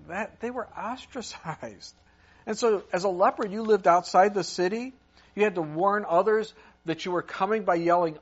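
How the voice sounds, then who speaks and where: A man preaching a sermon, retelling a story with lively asides and acted-out voices. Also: high-pitched, moderate pace. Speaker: pastor. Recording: muffled lo-fi recording.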